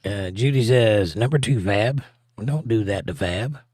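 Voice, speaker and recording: A man's voice: on the low side, animated, a little slow, darkish tone, slightly rough, dry recording, clean studio sound. A man hosting a casual live stream, reading viewer comments aloud and joking back at them. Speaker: livestream host.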